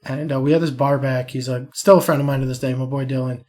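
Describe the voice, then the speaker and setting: A man's voice: mid-range voice, fairly even intonation, quick pace, dark tone. A young man co-hosting a podcast, telling a profane, laughing story about a bar prank while suffering from allergies. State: allergies, swollen eyes. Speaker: podcast co-host. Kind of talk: casual storytelling chat.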